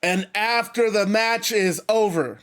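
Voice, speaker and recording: Brief: high-pitched male narrator, excited wrestling game recap. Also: takes it slowly, smooth.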